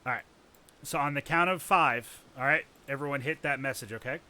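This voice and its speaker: A man's voice: mid-range voice, fairly quick. A man streaming live, chatting casually with loose, profane humor. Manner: relaxed, profane and laughing.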